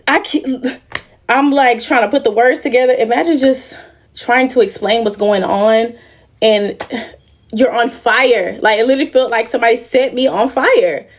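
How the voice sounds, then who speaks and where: A woman's voice: a little high, moderate pace. A young woman on a casual livestream, talking emotionally and in a rambling way straight to her viewers. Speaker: livestream host.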